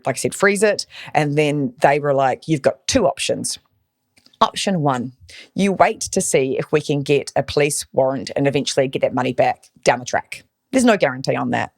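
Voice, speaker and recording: A woman's voice: low voice, no echo, clean studio sound. Emotional storytelling woman guest. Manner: animated, emotional retelling. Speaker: podcast guest. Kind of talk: storytelling in interview.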